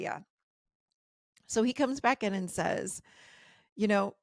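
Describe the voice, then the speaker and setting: A woman hosting a podcast, telling a personal story in an animated way, her voice jumping high when she quotes her own shock. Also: gravelly, dry recording, studio quality. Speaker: podcast host.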